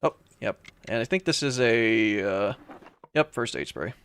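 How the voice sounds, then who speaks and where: A man's voice: mid-range voice, measured pace, long pauses, fairly bright tone, clean tone. Young man rambling over a horror game. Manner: rambling, with frequent fillers and restarts. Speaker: let's play streamer. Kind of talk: casual gameplay commentary reading chat.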